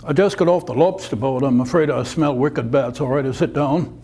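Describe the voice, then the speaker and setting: A man's voice: mid-range voice, a little fast, warm tone, close to an everyday voice. A man voicing a big, shy young man with a Maine accent who stutters when nervous. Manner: stammering, shy.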